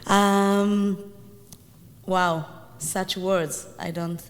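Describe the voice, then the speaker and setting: A woman's voice: mid-range voice, fairly even intonation, drawn-out words. Hesitant woman in a reverberant hall. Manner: hesitant, searching for words. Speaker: visiting rabbi. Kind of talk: informal remarks at a service. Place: large synagogue sanctuary. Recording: long reverb in a large hall.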